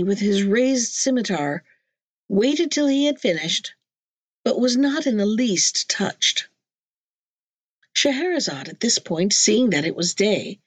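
A woman narrating a classic storybook in a measured, clear reading voice. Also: on the high side, no echo. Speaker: audiobook narrator.

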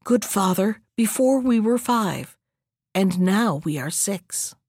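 A woman's voice: on the high side, very animated, unhurried, no room sound, studio quality. Earnest young hero, read by a woman. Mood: eager. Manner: eager, pleading. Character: earnest kind-hearted young man.

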